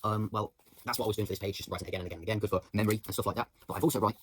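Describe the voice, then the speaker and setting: A man's voice: fairly low pitch, steady tone, racing, a little hiss or hum. A young man, a drama student, rambling through a reflective voice note on his acting practice, with many fillers and restarts. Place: indoors at home.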